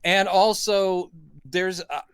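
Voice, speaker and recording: A man's voice: sits high, slow pace, fairly bright tone, clear, resonant tone, no room sound. A man hosting a podcast, recapping a film in casual chat and acting out quoted lines from it. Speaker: podcast host. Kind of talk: casual movie review chat.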